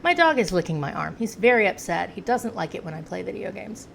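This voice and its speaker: A woman's voice: mid-range voice, very animated, brisk, creaky, a bit bright, a little hiss or hum. An American woman giving chatty gameplay commentary, talking to the game's hero the way she talks to a pet. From United States. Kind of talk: casual game commentary.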